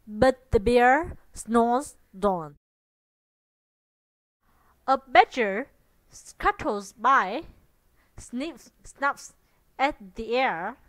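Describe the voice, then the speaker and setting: Woman reading a kids' bedtime story, Vietnamese native, very slow, slightly high voice, dry close sound. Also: lively intonation, no room sound, poor audio. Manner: slow, deliberate, gentle reading. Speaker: children's storyteller. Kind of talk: reading a children's picture book aloud.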